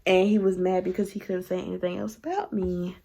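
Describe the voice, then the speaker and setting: A woman in her twenties telling a story to camera in a sassy, animated way, often sighing and laughing and sometimes dropping into a hushed aside. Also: fairly low pitch, brisk, gravelly. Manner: drops to a hushed aside at times.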